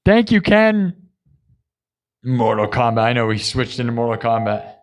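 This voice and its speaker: A man's voice: mid-range voice, expressive, moderate pace, dry recording. A man hosting a live music stream, chatting with viewers in a boastful, defensive way. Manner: boastful, defensive, talking to chat. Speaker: livestream host and musician. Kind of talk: casual livestream chat.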